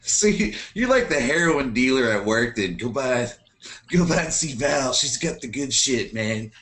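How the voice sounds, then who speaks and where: A man's voice: medium pitch, lively intonation, measured pace, a bit bright. A man co-hosting a casual podcast chat, laid-back and slangy, laughing often.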